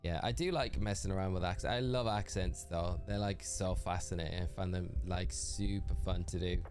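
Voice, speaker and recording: A livestreamer from the north-east of England chats easily with his viewers in a lowish voice, his northeastern English accent plain throughout. He laughs often and answers people by name, and faint music plays softly behind him. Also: normal speed. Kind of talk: casual livestream chat while gaming.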